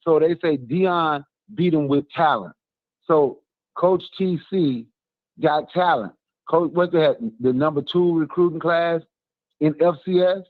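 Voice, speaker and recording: A male caller arguing his case over a tinny, dry phone line. He talks in an emphatic, repetitive way, with his voice sitting fairly high. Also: unhurried, dry recording. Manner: emphatic, repetitive, rallying fan talk. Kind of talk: animated call-in argument.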